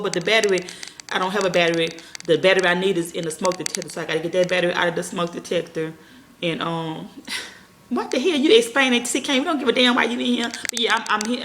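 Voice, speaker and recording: A woman's voice: lowish voice, fairly bright tone, a little hiss or hum. A woman vlogging at home, chatting casually and profanely to her viewers as y'all, rambling from one thought to the next. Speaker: parenting vlogger. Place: small room at home. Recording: echoey room.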